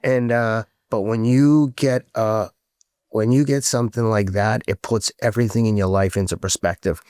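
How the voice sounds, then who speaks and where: A middle-aged man tells his story as a podcast guest, frank and earnest, swearing freely, with emotion building as he goes in this candid, casual interview. His voice is on the low side, a little mellow, clear and resonant, with fairly even intonation at normal speed. The recording is dry and studio-clean.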